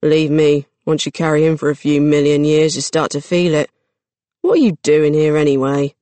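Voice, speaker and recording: A narrator voicing a gruff, impatient old troll who grumbles and bosses others about. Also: medium pitch, fairly even intonation, normal speed, warm tone, no room sound, lightly acted. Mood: grumbling. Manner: grumbling and bossy.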